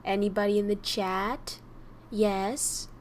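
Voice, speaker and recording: A woman's voice: mid-range voice, level tone, takes it slowly, a little hiss or hum. A young woman from Vietnam, chatting casually and teasing her viewers while teaching her language on a livestream, swearing freely.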